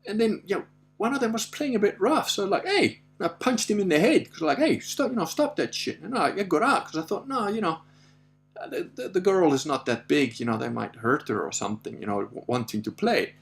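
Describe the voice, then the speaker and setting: Middle-aged guy telling a story, lively up-and-down voice, does the voices, laughs a lot. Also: fairly high pitch, fast, vocal fry. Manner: animated, acts out voices in his anecdotes, laughs often, swears. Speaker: podcast host. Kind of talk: casual storytelling.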